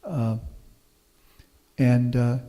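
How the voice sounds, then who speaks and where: A man's voice: mid-range voice, very slow, warm tone. A middle-aged man from Houston, Texas, giving a folksy, anecdotal public talk as a professor and answering audience questions. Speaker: guest speaker, professor. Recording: long reverb of a meeting hall.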